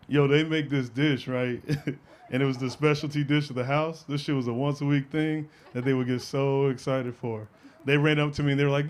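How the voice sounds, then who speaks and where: A brash young man tears through a profane stand-up routine, teasing the crowd between punchlines. His voice sits a little high for a man. Faint background noise runs under the stage mic. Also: moderate pace. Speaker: stand-up comedian. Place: comedy stage with a live audience laughing.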